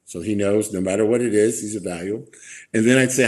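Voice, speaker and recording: A man's voice: lowish voice, brisk, a little mellow. A middle-aged man, a leadership expert guest on a podcast, chatting casually and acting out quoted dialogue as he tells stories. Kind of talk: casual storytelling conversation.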